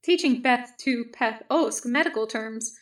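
A steady, no-nonsense male army medic who speaks in careful, formal sentences and likes to lecture his patients. A woman voices him in an unhurried reading, her voice sitting a little high. The words come slowly and deliberately. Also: natural voice. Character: calm stern male clone army medic.

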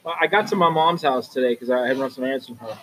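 A man's voice: medium pitch, fast talker, a bit bright. A man hosting a casual podcast chat, joking and rambling as he tells stories. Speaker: podcast host. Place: restaurant. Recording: noisy restaurant crowd. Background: crowd chatter.

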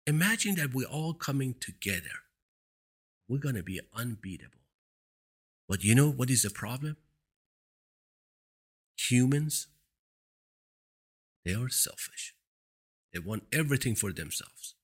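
Husky-voiced man with a foreign accent. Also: mid-range voice, very animated, measured pace, pauses often. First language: not English. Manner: earnest, emphatic, repeats points for stress. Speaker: talk show host. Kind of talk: motivational monologue. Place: seated indoors. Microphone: studio microphone.

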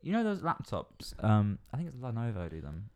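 A man's voice: on the low side, huge pitch swings, brisk, a little mellow. A young man co-hosting a comedy podcast, rambling through absurd ideas and playful tangents. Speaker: podcast co-host. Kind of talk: casual comedic chat.

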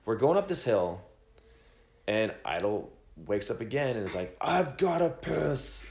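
A man casually telling a rambling, profane road-trip story, quoting friends with animated voices. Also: lowish voice, moderate pace, roomy sound. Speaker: podcast host telling a story.

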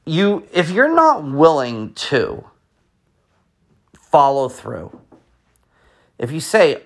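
A man's voice: medium pitch, very animated, a little slow, long pauses, fairly bright tone. A middle-aged American man who teaches, giving an impassioned, rambling opinion monologue full of restarts and fillers. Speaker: teacher and podcast host.

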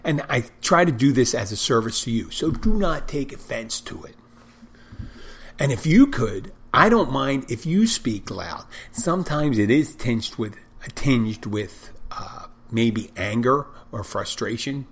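A man, a bartender who podcasts, talking in a rambling, self-deprecating casual monologue with a loud barking delivery. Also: mid-range voice, lively intonation, a little slow, slight background noise.

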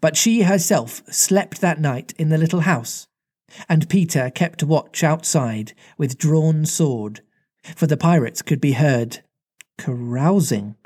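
A man's voice: fairly high pitch, slow, darkish tone. A man reading a storybook aloud in a playful manner, breaking off for casual chat. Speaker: reader and co-host.

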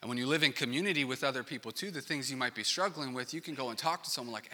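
Pastor, male, earnest sermon, bright sharp voice, long hall reverb. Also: medium pitch, rapid-fire. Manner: earnest, swings from hushed to loud and passionate.

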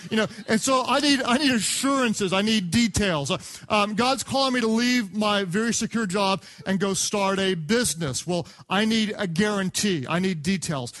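High-voiced animated male preacher. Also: moderate pace, hardly any pauses. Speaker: pastor. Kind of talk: sermon. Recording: sermon clip played from archive.

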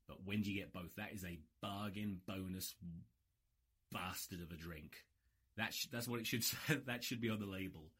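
A man's voice: low voice, fairly even intonation, normal speed, sharp tone, husky. A tired man hosting his own rugby podcast, ranting with heavy swearing and sarcasm. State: exhausted. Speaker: podcast host. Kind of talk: solo rugby podcast rant.

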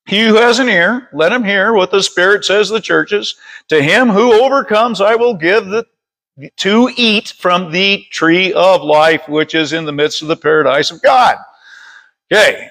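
A man leading a Bible study, reading scripture aloud slowly and stumbling over words, then stopping to teach. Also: high voice, sharp tone, low-quality recording. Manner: reads slowly with frequent stumbles and self-corrections. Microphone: streaming over Wi-Fi.

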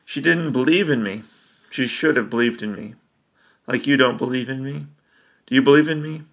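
A man's voice: medium pitch, normal speed, fairly bright tone. A man doing an eerie, needy young boy. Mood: pleading. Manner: insistent, pleading.

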